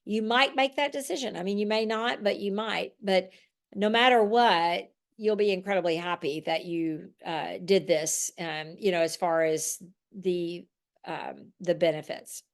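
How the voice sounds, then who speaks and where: A woman's voice: fairly low pitch, measured pace. A woman yoga teacher hosting a webinar on a video call, talking casually with many restarts and fillers. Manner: warm, rambling, with frequent restarts and fillers.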